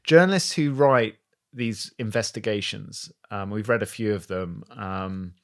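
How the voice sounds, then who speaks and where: A man's voice: fairly low pitch, a little slow. A man guesting on a podcast, telling stories with enthusiasm in a casual conversational way, often restarting his sentences.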